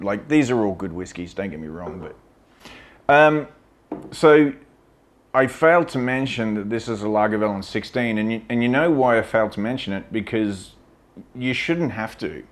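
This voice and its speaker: A man's voice: fairly low pitch, animated, moderate pace. A man giving a casual, opinionated whisky tasting talk, blunt and sweary, chatty with plenty of fillers. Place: lives in Vietnam.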